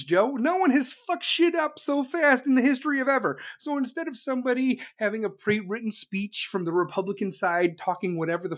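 A commentator delivering an angry, sarcastic political rant full of swearing, speeding up in bursts and slowing down to hit a point. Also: medium pitch. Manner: jumps between fast bursts and slow emphasis.

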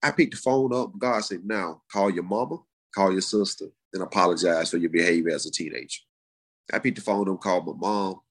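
A middle-aged man, telling his life story in a casual, animated way. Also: brisk. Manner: animated, acts out quoted voices in high pitch. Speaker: guest sharing his testimony. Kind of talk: conversational storytelling.

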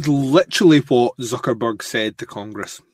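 A man's voice: medium pitch, moderate pace. A man co-hosting a podcast, recapping a TV episode in casual, crude, joking chat full of fillers. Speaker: podcast co-host.

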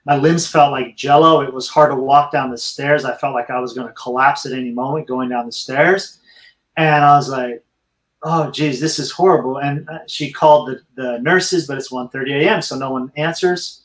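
A man's voice: mid-range voice, fairly even intonation, moderate pace, a bit bright. Earnest storytelling man, echoey room. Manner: earnest, candid storyteller addressing listeners as friends. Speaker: interview guest. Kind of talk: storytelling in a casual interview.

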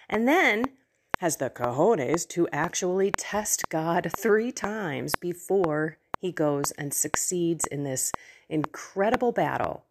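A woman's voice: lowish voice, expressive, unhurried, noisy background. A woman hosting a podcast, retelling a Bible story in a conversational way with playful asides. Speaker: podcast host. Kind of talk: casual Bible teaching.

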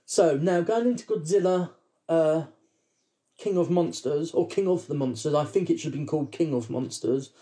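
A man from the UK co-hosting a casual chat, telling animated stories with plenty of swearing. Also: fairly high pitch, moderate pace. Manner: animated, profane storytelling. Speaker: podcast co-host.

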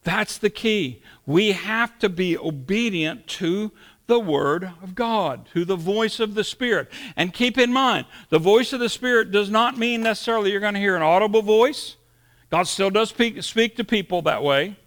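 A man's voice: high voice, moderate pace, fairly bright tone. A middle-aged man preaching a sermon, folksy and storytelling, acting out quotes as he goes. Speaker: pastor.

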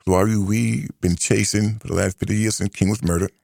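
A man's voice: lowish voice, fairly even intonation, brisk, gravelly, a little mellow, no echo, clean studio sound. A man hosting his own radio talk show, giving emphatic opinion commentary and repeating his key phrases.

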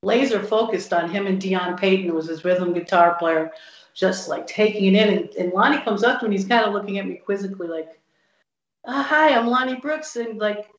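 A woman's voice: medium pitch, fairly quick. A woman blues guitarist telling stories in an interview, acting out the people she quotes. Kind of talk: casual storytelling interview. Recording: roomy, dull lo-fi sound.

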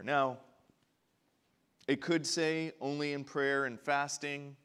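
A young man preaches a sermon to his congregation with a fairly high, bright and forceful voice. He drops to quiet, low tones for storytelling, then rises to loud, pleading cries when he acts out prayers. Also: fairly even intonation, takes it slowly, long pauses, clean tone. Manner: passionate, swings from soft to loud when acting out prayers. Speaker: pastor. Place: church before a congregation.

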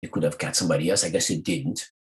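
A man guest in an interview, a singer and voice artist, telling lively stories and acting out the voices of the people he quotes. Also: very deep voice, rapid-fire, low-quality recording. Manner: lively storyteller who acts out quoted voices. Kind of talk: animated anecdote-telling.

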